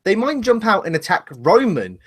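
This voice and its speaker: A man's voice: high voice, sing-song, moderate pace, a crowd in the background. Rambling man co-hosting a live show. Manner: rambling, speculative, laughs at himself. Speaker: podcast co-host. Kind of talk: casual live discussion. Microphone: webcam.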